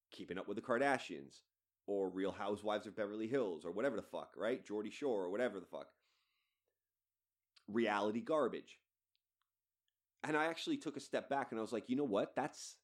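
A male podcast host delivers a solo rant in a fairly low voice. He is blunt and swears freely as he talks. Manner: profane, blunt and ranting.

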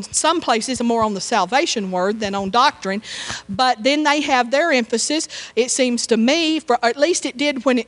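Folksy woman preaching. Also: a little high. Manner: conversational, folksy preaching with restarts. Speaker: pastor. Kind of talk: sermon.

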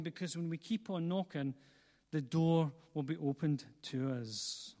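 Male pastor, fairly high voice, earnest sermon with rhythmic repetition, church hall reverb. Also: unhurried. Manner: earnest, building repetition, gentle asides to congregation. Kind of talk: sermon and closing prayer.

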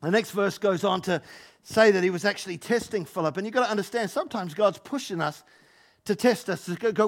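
A man preaching a sermon as pastor, animated, acting out Bible figures and joking with the congregation. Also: high voice, brisk. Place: church hall.

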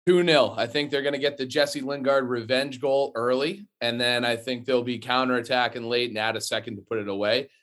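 An American man guesting on a casual football podcast, talking in a measured, earnest way with frequent restarts. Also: mid-range voice, steady tone, fairly bright tone. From United States.

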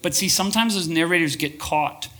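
Bright-voiced, passionate male preacher. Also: on the high side, fairly quick. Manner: passionate, asks the crowd for shows of hands; repeats and restarts phrases while building up. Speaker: pastor. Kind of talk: sermon to a live congregation.

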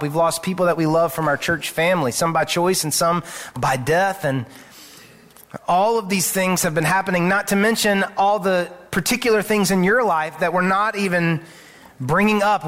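A man's voice: high-pitched, fairly bright tone. A male pastor giving a sermon in a church, speaking in an earnest, conversational way and often restarting his sentences. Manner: earnest, conversational preaching with repeated words and restarts. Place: church sanctuary.

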